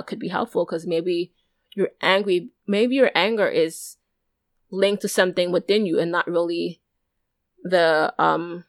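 A woman's voice: on the low side, fairly even intonation, unhurried, fairly bright tone, no room sound. A young adult woman hosting a solo podcast, talking candidly and earnestly, often repeating and restarting her phrases as she thinks aloud. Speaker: podcast host. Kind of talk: solo reflective podcast monologue.

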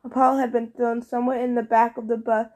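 A woman narrating a first-person audiobook, lively and expressive. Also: on the high side, fast talker.

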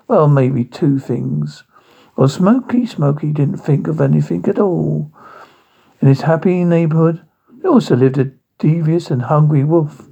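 Brief: wry male narrator, mellow, comic fairy-tale reading. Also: on the high side, husky, muffled recording. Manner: wry, tongue-in-cheek.

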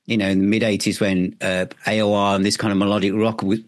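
A man with a lowish voice hosts a music podcast, recorded dry and close. He frames his questions at length with eager, meandering preambles. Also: flat delivery, fast, no room sound. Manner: enthusiastic, long rambling questions. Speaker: podcast host. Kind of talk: podcast interview.

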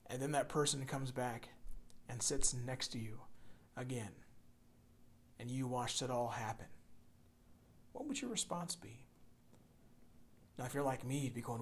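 A man preaching a sermon, swinging from loud emphasis to hushed near-whispers and repeating words as he builds a point. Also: mid-range voice, moderate pace, creaky, long pauses, a little hiss or hum. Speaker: pastor.

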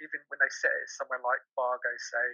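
Male podcast host, measured film explainer, sharp bright voice, mid pitch. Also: level tone, dry recording, highs cut off. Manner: measured, explaining, leans on fillers like "you know". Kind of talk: casual film chat.

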